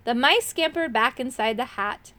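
A woman reading a children's chapter book aloud with expressive, dramatic delivery. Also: fairly high pitch, normal speed, clean tone. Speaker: narrator.

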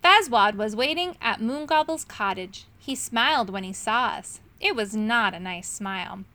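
A woman reading a children's storybook aloud with an expressive, animated delivery. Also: fairly high pitch, moderate pace. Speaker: storybook reader.

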